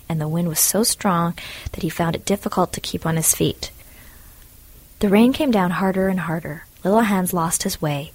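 A woman narrating a storybook in a calm, measured and plain way. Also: on the low side, no room sound, poor audio.

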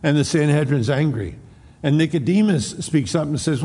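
A man's voice: a little high, moderate pace, darkish tone, husky. A man preaching a sermon, retelling scripture as a story and acting out the quotes, often restarting his words. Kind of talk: expository sermon. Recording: long hall reverb.

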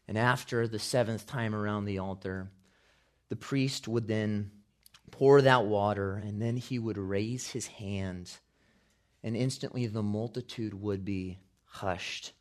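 A man preaching a sermon, building from calm storytelling to loud, shouted climaxes. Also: on the low side, takes it slowly. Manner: preaching with big swells, shouting quotes at climaxes. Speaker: pastor.

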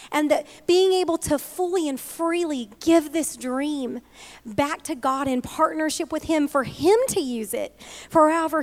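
High-voiced, earnest woman preaching. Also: darkish tone. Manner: earnest, emotional, tearful at times. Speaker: women's ministry speaker. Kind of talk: sermon to a women's gathering.

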